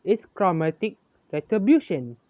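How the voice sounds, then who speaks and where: A storyteller reading a homemade fan story aloud, halting, with frequent restarts and self-corrections, in a lo-fi, dry recording. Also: mid-range voice, big pitch swings, dry recording. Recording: dull, lo-fi, dry.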